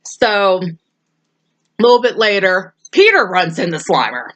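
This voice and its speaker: Retelling movie scenes in a casual review, a woman laughs frequently and dramatizes the quoted lines. She has a medium pitch with big swings, talks slowly, and her tone is fairly bright.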